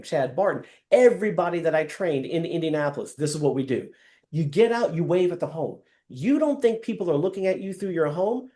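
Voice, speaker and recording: Man, sales trainer, fairly high voice, lively, acts out scenes, video call. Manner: animated, acts out scenes, addresses trainees by name. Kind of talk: live training session.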